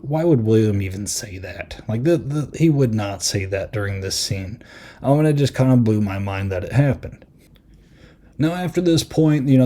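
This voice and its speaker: A man chats casually on his podcast, rambling through a film review with plenty of fillers. His voice is dark and mellow rather than bright. He slips into quick impressions of characters as he retells scenes. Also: medium pitch. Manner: rambling, many fillers, acts out quotes.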